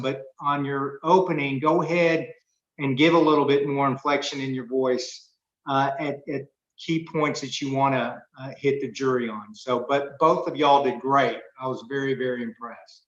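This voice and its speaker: A man on a judging panel gives encouraging feedback. His voice sits in a middle pitch. The sound is roomy and dull. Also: a bit bright. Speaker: judge on a mock trial panel.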